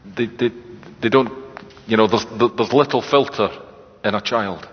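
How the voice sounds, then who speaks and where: A man delivers a sermon in a thoughtful, conversational manner and lowers his voice for quoted words. His tone is slightly husky, and the sound carries a long reverb of a large hall. The recording itself is dull and lo-fi. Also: measured pace. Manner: reflective, conversational preaching with quoted lines. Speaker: preacher.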